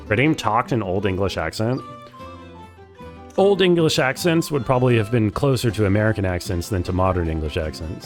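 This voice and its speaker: A man talks casually and wryly as he plays through a story game, thinking aloud and joking. His voice sits on the low side, and a faint plucked guitar plays under his talk. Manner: chatty, wry, thinks aloud. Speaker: game streamer. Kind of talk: casual gameplay commentary.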